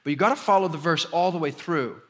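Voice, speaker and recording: A young man from the preaching a conversational sermon as pastor, rising in pitch and volume when he drives a point home. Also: fast talker, fairly bright tone. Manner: conversational preaching with sudden emphatic rises.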